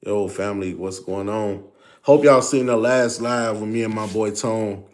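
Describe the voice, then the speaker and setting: A man's voice: fairly low pitch, fairly even intonation, measured pace, a little mellow. A man hosting a casual livestream, greeting viewers over and over and explaining things in a loose, filler-heavy way. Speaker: livestream host.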